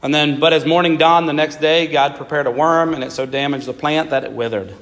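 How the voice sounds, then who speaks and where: A man preaching a sermon in a slightly higher-pitched voice, stacking short emphatic phrases and reading scripture aloud. His voice carries a long reverb, as in a large church sanctuary. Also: fairly even intonation, brisk, a bit bright. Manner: reads scripture aloud and voices Jonah's complaints in plain speech.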